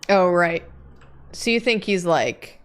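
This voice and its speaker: A woman's voice: fairly low pitch, expressive, takes it slowly, clean tone. A woman teaching character design in a casual, chatty way, full of "like"s and playful jokes. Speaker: drawing instructor. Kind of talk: casual chat while teaching drawing.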